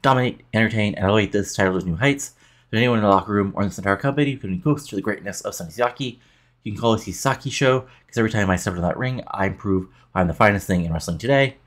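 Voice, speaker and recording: Man voicing a boastful male wrestling champ, third-person bragging, low voice, fast talk. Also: natural voice. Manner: talks about himself in the third person.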